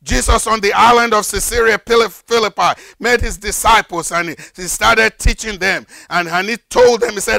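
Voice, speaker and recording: An older man preaching a fervent sermon as pastor, building to shouted, repeated lines. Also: sits high, measured pace, vocal fry, no echo, studio quality. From Nigeria. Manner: fervent preaching, rises to shouted emphasis and repetition.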